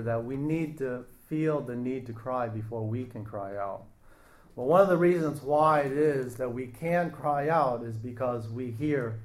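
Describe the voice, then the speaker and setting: A man preaching a sermon in a slow, earnest way, pausing and restarting his phrases. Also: medium pitch.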